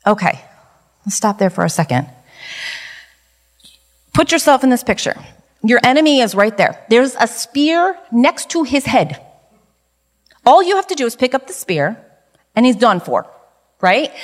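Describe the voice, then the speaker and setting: A woman giving a conversational Bible lesson in a lively, chatty way, often asking rhetorical questions. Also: a little high. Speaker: Bible study teacher. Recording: long reverberant hall.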